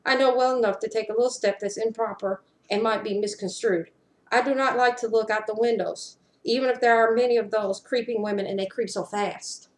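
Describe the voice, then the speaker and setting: A woman giving an intense dramatic reading of a story, slowing down for emphasis, recorded on a webcam at home. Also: a little high, fairly even intonation. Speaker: reader. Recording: roomy echo.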